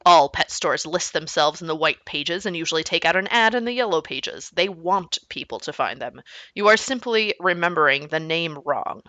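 A grumpy, stubborn father from a children's storybook, low-pitched and deliberate, as a woman reads him aloud. He speaks in stern, clipped lines with a bright, forceful edge. The voice is dry and close. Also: lively intonation, dry recording. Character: grumpy stubborn father, middle-aged man. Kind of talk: reading a children's book aloud.

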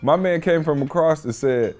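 A man's voice: a little high, moderate pace, darkish tone. A man hosting a podcast, telling a story in casual, slangy chat. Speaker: podcast host.

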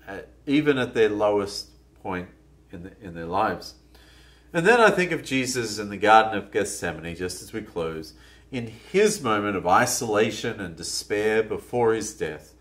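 A man preaching a sermon in a conversational, musing way, often restarting his phrases. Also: mid-range voice. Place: church.

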